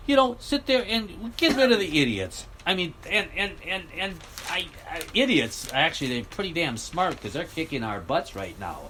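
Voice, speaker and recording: A man's voice: fairly high pitch, sing-song, normal speed, hardly any pauses, sharp tone, slight background noise, rough recording. A man ranting bluntly and sarcastically about politics, rambling on in a heated vlog. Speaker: political vlogger. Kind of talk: rambling rant.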